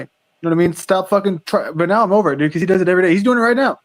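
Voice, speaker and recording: Quick, rambling young man. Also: high-pitched. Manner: rambling, filler-heavy, quick. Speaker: streamer. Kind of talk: casual chat.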